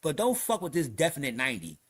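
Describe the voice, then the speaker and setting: A man's voice: a little high, quick pace. A man with a New York accent, hosting a podcast, telling a story in casual street slang with lots of swearing and acted-out quotes. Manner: animated, profane, street slang, acts out quotes. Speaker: podcast host.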